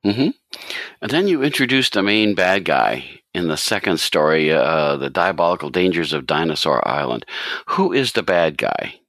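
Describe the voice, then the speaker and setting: A man with a very deep, gravelly voice hosts a casual podcast interview. His delivery swings up and down with lively energy, though he rambles and restarts often. The sound is dry and close. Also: moderate pace, no room sound. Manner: rambling, many restarts and fillers. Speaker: podcast host.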